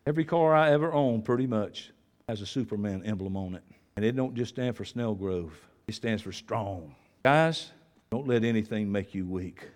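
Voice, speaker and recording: A man preaching a sermon in a church, swinging from low, quiet talk to loud shouting. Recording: long hall reverb.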